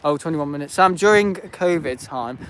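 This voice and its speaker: A man's voice: a little high, moderate pace, fairly bright tone. Aggrieved man rambling on an outdoor stream. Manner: rambling and aggrieved, many fillers. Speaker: livestream host. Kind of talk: casual live-stream chat. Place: outdoors at an airport visitor park. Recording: noisy outdoor stream audio.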